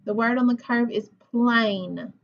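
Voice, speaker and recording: A slow-talking woman with a fairly high voice teaches phonics to young children. She sounds out each syllable patiently and praises answers warmly. The recording is dull and lo-fi. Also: creaky. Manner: patient, encouraging, sounds words out.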